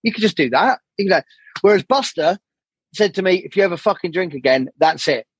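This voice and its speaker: A man's voice: high-pitched, animated, brisk, slightly rough, no echo. A man as a podcast guest, talking candidly and rambling, swearing often and acting out the people he quotes. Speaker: podcast guest, jazz saxophonist.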